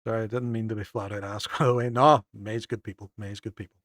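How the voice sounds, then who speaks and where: A man's voice: fairly low pitch, steady tone, quick pace, a bit bright, no echo, clean studio sound. A man live-streaming a game, swearing often, joking with chat and reading it aloud.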